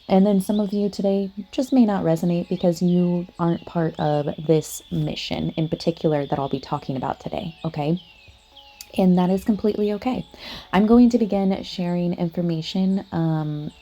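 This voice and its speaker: Female podcast host, low-pitched and mellow; casual, earnest talk aimed right at the listener. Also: dull audio, a little hiss or hum. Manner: chatty, full of "like" and "you know what I mean"; earnest, addresses listeners directly. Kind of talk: casual spiritual monologue.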